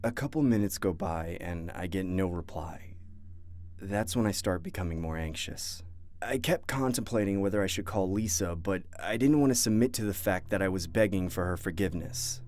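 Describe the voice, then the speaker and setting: A man's voice: sits low, normal speed, darkish tone. A young man narrating a true horror story in the first person, earnest and tense. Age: young adult.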